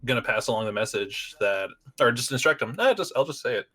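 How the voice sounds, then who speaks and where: A man's voice: medium pitch, animated, quick pace, pushed and bright. A man playing a tabletop game, talking casually and thinking aloud with hesitations. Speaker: player.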